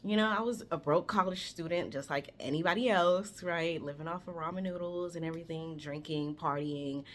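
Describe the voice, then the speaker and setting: Chatty woman around thirty, low voice. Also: a little fast. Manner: chatty, animated, swears freely, talks straight to viewers. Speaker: vlogger telling her own story. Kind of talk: casual storytime vlog.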